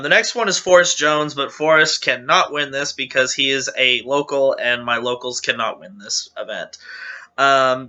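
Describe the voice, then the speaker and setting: A man's voice: mid-range voice, pushed and bright, dull audio. A man hosting his channel, casually reading viewer jokes aloud with chatty, giggly, self-deprecating asides.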